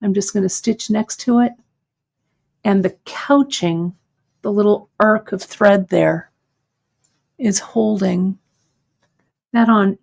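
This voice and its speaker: Female host for a live hands-on lesson: measured, leisurely delivery, warm checking-in with viewers. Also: mid-range voice, vocal fry. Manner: patient, step-by-step, checks in with "okay?". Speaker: host demonstrating bead embroidery. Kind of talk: live craft tutorial.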